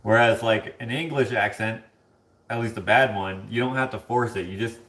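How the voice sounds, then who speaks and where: A man with a lowish, slightly bright voice talks at a moderate pace, hosting a casual live stream from his home kitchen while doing the dishes. He reads the chat, jokes with viewers, and laughs often. The room is echoey, with a little hiss or hum.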